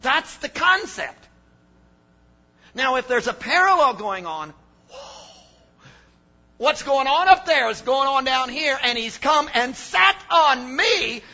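An older man preaching a sermon, dropping to low asides and then rising to shouted emphasis. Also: slow pace, long pauses. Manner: animated, swings from low mutters to shouted emphasis. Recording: dull lo-fi sermon recording.

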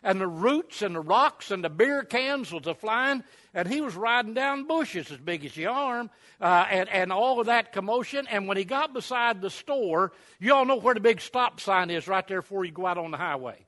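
A preacher spinning a folksy yarn at a camp meeting, rambling with many uhs and restarts. His voice sits high for a man and sounds bright and forward. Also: lively intonation, moderate pace. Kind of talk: sermon storytelling.

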